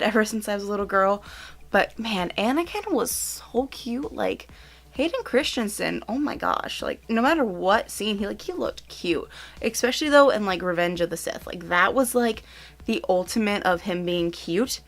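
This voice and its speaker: A young woman chats through a casual countdown vlog. She gushes and giggles, packing her sentences with filler words and excited exclamations. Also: mid-range voice. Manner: gushing, giggly, lots of "like" and "oh my God". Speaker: YouTuber.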